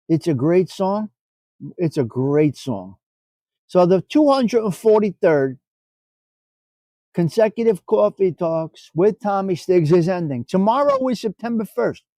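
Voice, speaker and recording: A man's voice: high-pitched, dark tone, no echo, studio quality. A middle-aged man hosting a casual live stream, bantering loosely and profanely with viewers in the chat.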